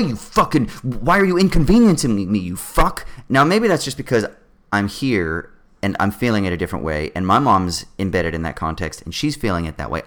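Animated man, swearing freely. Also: mid-range voice. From Southern California. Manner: animated, swears freely, acts out other drivers. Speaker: podcast co-host. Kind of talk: casual podcast chat.

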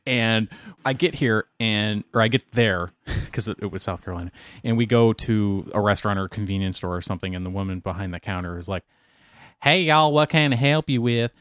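Low-voiced Wisconsin man telling stories. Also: fairly even intonation, fairly quick, dry recording, studio quality. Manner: storytelling, acts out voices, laughs often. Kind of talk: casual chat.

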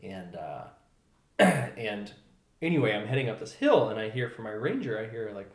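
A young man tells a story in a casual, animated way. He leans on fillers and lets his sentences sink to a murmur. The room around him is echoey. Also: on the low side, moderate pace. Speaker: podcast guest.

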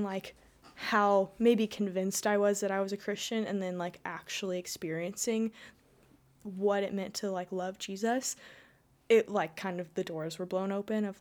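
A young woman telling her personal faith story in casual conversation, rambling with lots of "like" and restarts. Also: medium pitch. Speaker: guest.

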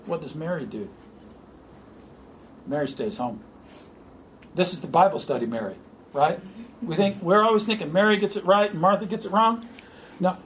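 A man preaching an informal sermon to a small group, animated and joking. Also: high-pitched, slight background noise, low-quality recording. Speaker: pastor.

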